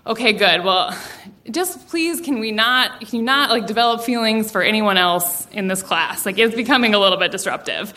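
A woman doing a dry, deadpan teacher mom. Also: mid-range voice, moderate pace. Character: dry, unamused teacher mother.

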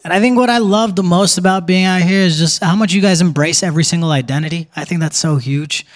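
A man's voice: sits high, fast. A young man doing a live stand-up comedy set on a theater stage, joking casually and talking straight to the crowd.

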